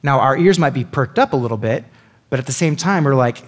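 A man's voice: medium pitch, animated, fairly quick. Chatty man teaching a Bible passage. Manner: chatty, lots of "like" and "right?" asides.

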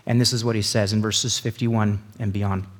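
A man's voice: fairly low pitch, flat delivery, moderate pace. A man giving a casual Bible teaching, chatty and full of asides that check in with his listeners. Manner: chatty, lots of "like" and "right?" asides.

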